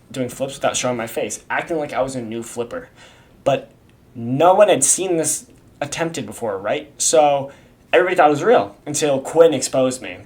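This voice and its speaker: A young man in casual video commentary, rambling from one point to the next. His talk is slangy and full of swearing, with frequent restarts. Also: medium pitch. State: has the hiccups. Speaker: YouTube creator explaining a community iceberg.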